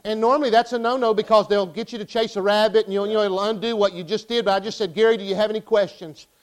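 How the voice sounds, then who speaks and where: A pastor preaches with a fast, driving delivery. His voice is high for a man, and his tone stays smooth and resonant. He tells his story in impassioned, emphatic bursts. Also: fairly even intonation, low-quality recording. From Arkansas. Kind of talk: sermon.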